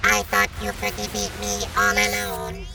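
A woman voicing a menacing male monster villain whose broken voice box makes him sound squeaky, like a little robot boy. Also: big pitch swings, measured pace, creaky, distant mic, over loud music, exaggerated voice. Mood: gloating. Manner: gloating, threatening.

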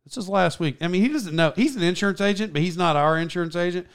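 A man hosts a relaxed podcast chat. His voice sits a touch high and comes through clean and smooth. He laughs a lot and trips over his words as he goes. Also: fast talker. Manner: laughing, joking, rambling with restarts. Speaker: podcast host. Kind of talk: casual chat.

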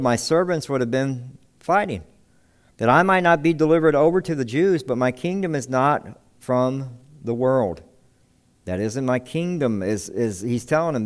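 Pastor, sermon delivery, slightly high, smooth clear tone. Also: male voice. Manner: expository preaching with rhetorical questions.

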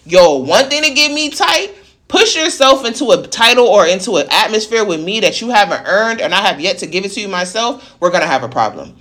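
A vlogger telling a personal story in a casual rant, blunt and heavy with swearing, talking fast in long run-on sentences. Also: mid-range voice, sing-song, bright, forceful tone. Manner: blunt, profane, heated venting.

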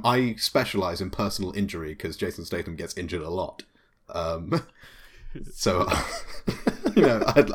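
Low-voiced male game player. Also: husky. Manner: trails off into low mumbles. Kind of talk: casual tabletop game play.

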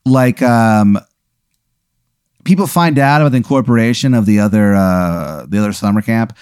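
Low-voiced rambling male storyteller. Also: normal speed, clean tone, no echo, clean studio sound. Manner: rambling, lots of fillers and deadpan escalation. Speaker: podcast host. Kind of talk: improvised comedic storytelling.

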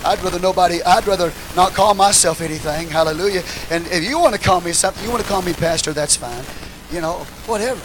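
A man preaching a sermon, swinging between shouted call-and-response lines and low, quiet asides to the congregation. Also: fast talker, noisy background. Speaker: pastor.

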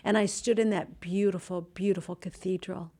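A middle-aged woman hosting a devotional talk, speaking earnestly with slow, emphatic phrases and dropping to a soft, hushed tone in reflective moments. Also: on the low side, steady tone. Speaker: Christian host and speaker.

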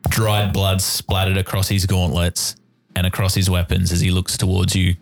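A low-voiced man runs a tabletop game as game master, describing the scene in a deliberate, descriptive way. Faint music plays underneath him. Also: monotone, gravelly.

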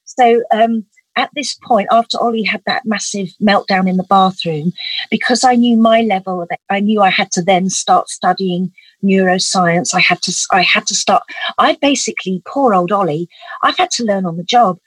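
A woman's voice: mid-range voice, normal speed, slightly rough, no room sound, poor audio. A middle-aged woman, telling an emotional personal story as an interview guest in an earnest, vivid way. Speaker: guest, parent advocate.

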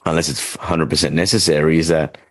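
Aussie guy dog trainer, low voice, rambly podcast talk, dry close mic. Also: brisk, no echo. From Australia. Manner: rambling, animated when quoting clients. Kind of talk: casual podcast chat.

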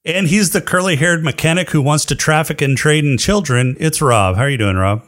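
A man's voice: on the high side, a little fast, fairly bright tone. A man hosting a podcast, introducing his co-hosts in a jokey, profane, bantering way. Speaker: podcast host. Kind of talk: casual podcast chat.

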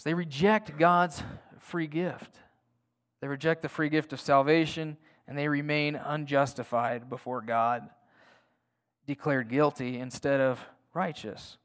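Man, pastor, sermon, emphatic, earnest, fairly high voice. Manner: earnest, emphatic, with restarts and rhetorical questions.

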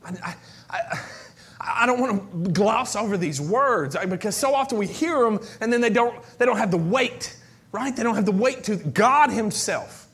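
A man preaching a sermon as pastor, moving from near-whispers to shouted cries and repeating phrases for emphasis. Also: sits high, expressive, moderate pace.

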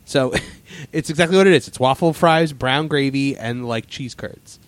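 A man's voice: mid-range voice, moderate pace, dry recording. A man hosting a casual podcast, chatting in a rambling way with lots of fillers. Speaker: podcast host. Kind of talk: casual chat.

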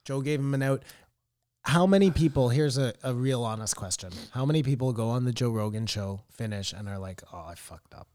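A man's voice: medium pitch, fairly quick, a little mellow, no echo, studio quality. A man co-hosting a podcast, chatting casually in a blunt, emphatic way with frequent swearing. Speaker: podcast co-host. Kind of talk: casual chat.

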